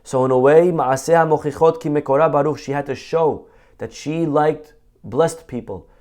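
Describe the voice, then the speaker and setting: A man's voice: a little high, moderate pace, a little mellow. A man, a rabbi, giving a conversational Torah class, asking rhetorical questions and quoting Hebrew texts. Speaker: rabbi teaching.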